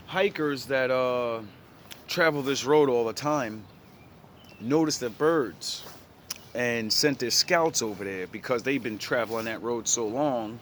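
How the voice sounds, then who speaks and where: A man's voice: mid-range voice, a little slow, fairly bright tone, slight background noise. A man casually retelling an old story in his own words, blunt and full of profanity and slang.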